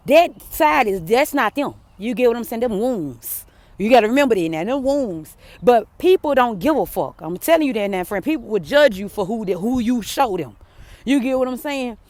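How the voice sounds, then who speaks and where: A woman talks straight to her viewers in a fairly high voice, calling them friend and swearing freely. She swings between heated, raised outbursts and quiet, hushed stretches. The sound is dry and close, with no room echo. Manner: blunt, cursing, addresses viewers as friend. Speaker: vlogger. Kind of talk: emotional personal storytelling to camera.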